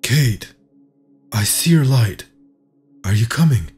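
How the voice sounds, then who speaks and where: A man voicing an inhuman thing that mimics a trapped young man, shrieking and calling from deep in a tunnel in a horror story. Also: animated, takes it slowly, darkish tone, husky, soft background music, exaggerated voice. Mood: eerie calling. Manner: shrieking, begging, eerily calling.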